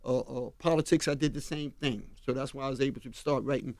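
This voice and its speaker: An older man from Harlem, unhurried and storytelling as a radio interview guest, often dropping to a low, confiding tone. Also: fairly even intonation, gravelly, a little mellow, no room sound, clean studio sound. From Harlem, New York. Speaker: guest, fashion designer. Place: radio studio. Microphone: studio mic.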